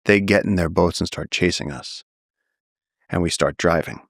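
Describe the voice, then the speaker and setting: A man's voice: low-pitched, moderate pace, gravelly, no echo, studio quality. A man, a naturalist guest on a podcast, vividly telling a story and acting out the quotes. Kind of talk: storytelling in a long-form interview.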